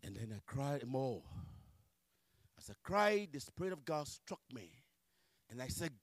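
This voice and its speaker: A man preaching a sermon and telling his own testimony, impassioned and rising to shouts as he relives the struggle. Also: mid-range voice, lively intonation, normal speed, long pauses, no room sound, studio quality.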